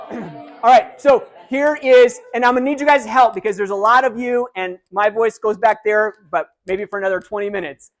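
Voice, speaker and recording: A man giving a live motivational keynote, energetic and interactive, calling out to a big audience in a large hall. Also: high-pitched, moderate pace. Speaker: keynote speaker.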